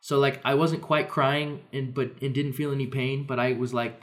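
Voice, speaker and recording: A man's voice: medium pitch, normal speed, hardly any pauses, fairly bright tone. A young man casually telling a funny story on a podcast, laughing often and acting out voices. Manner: laughs often, acts out voices in his stories. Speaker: podcast co-host.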